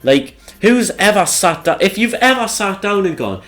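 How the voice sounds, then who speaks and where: A young man hosts his channel and rambles through casual commentary on a wrestling sim game. His delivery is sarcastic and peppered with swearing. His voice swings widely up and down in pitch. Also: very animated, moderate pace, hardly any pauses, a bit bright. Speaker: channel host.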